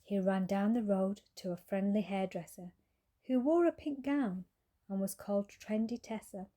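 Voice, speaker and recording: A woman reading a rhyming bedtime story aloud with a gentle, rhythmic delivery. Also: medium pitch, normal speed.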